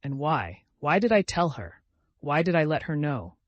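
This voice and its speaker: A man's voice: a little high, animated, normal speed, dry recording, muffled recording. A man voicing an anguished young murderer. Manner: anguished, pleading. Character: tormented young male murderer confessing.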